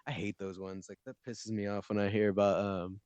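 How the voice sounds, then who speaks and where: A man's voice: on the low side, little pitch movement, brisk, darkish tone, no room sound. A man co-hosting a podcast, talking bluntly and swearing a lot as he tells a scam-call story. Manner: profane, blunt, laid-back. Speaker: podcast co-host. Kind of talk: casual chat.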